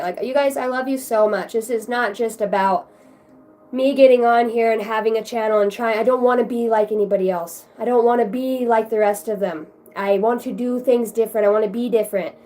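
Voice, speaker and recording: A woman's voice: fairly high pitch, darkish tone. A woman giving a casual livestream card reading, chatty and effusive, swearing freely as she talks to her viewers. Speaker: tarot reader.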